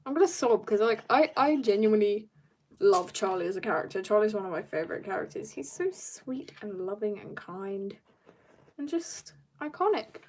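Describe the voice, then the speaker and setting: A South African woman chats casually with viewers while drawing on a livestream from an upstairs room at home, reading their comments aloud and answering them. Her mid-range voice is expressive and darkish, her pace moderate, and there's a little hiss or hum in the audio.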